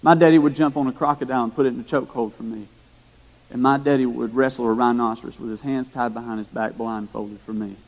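A man's voice: medium pitch, normal speed, mellow, lo-fi sound, pitched below the performer's own voice, close to an everyday voice. A man voicing a young boy with a country accent, earnest and plain-spoken, during a sermon story. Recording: echoey hall.

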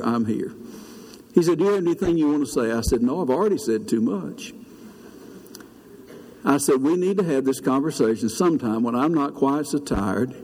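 An older man, preaching a sermon as pastor, telling a story in an earnest way. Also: a little mellow. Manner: storytelling, earnest, rises high when preaching. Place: church sanctuary. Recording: long reverb of a church hall.

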